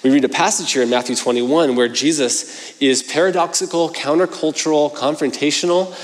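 A man's voice: on the high side, moderate pace. A man in his thirties giving a sermon, telling stories in a chatty, self-mocking way with fillers. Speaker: pastor. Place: church hall. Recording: long church hall reverb.

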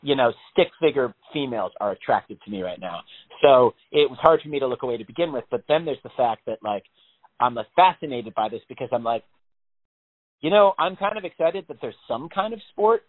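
Heard through a narrow-band, phone-like recording, a man with a mid-range voice talks a little fast. He's casually chatting on a podcast, animatedly telling stories, swearing a lot and imitating panicked voices.

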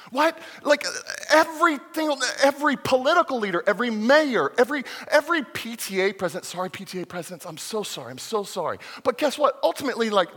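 A man preaching a sermon as a pastor, lively and joking, with acted-out quotes. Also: extremely high pitch, fast, hardly any pauses, husky, big-room sound.

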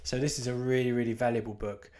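A man's voice: medium pitch, level tone, quick pace, a little mellow. A man, a Christian author, giving an informal talk about church life, rambling and candid with self-deprecating asides and emphatic repetition.

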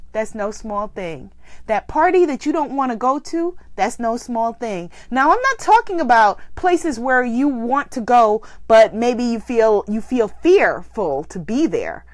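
High-voiced woman preaching self-empowerment. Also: unhurried. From Guyana. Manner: animated, preacherly, affirming the listeners. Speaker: host of a spiritual group call. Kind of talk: inspirational live talk.

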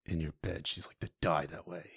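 A man's voice: extremely low pitch, level tone, moderate pace, vocal fry, fairly bright tone, husky, dry recording, studio quality, voice pushed down, exaggerated voice. A man voicing a grim, cold, unbending lord. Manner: clipped, cold and curt. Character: stern, grim older lord, humorless and unbending. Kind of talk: dramatic reading of a novel.

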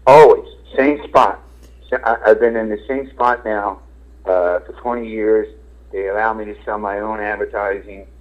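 A man's voice: lowish voice, fairly even intonation, normal speed. Middle-aged philly guy, rambly radio host, says uh a lot, cusses, thin phone-line sound. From Philadelphia. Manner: rambling, frank, swears casually, many fillers. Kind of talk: casual interview talk.

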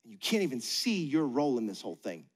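A man's voice: mid-range voice, sing-song, fast. A man preaching a sermon as pastor, conversational, acting out quoted voices. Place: church auditorium. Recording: long hall reverb.

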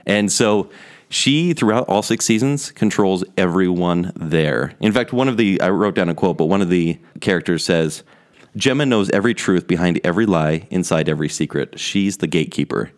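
A man's voice: deep voice, expressive, moderate pace. A man co-hosting a podcast, chatting and explaining casually with fillers. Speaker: podcast co-host. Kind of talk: casual panel chat.

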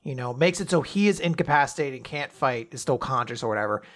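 A man's voice: medium pitch, animated, fast, a bit bright. A man co-hosting a casual manga review chat, rambling in a laid-back way, swearing and laughing as he talks. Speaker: podcast co-host.

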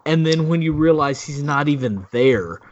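Mid-pitched male co-host, playful, casual fan talk, slightly muffled recording. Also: lively intonation, normal speed. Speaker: podcast co-host.

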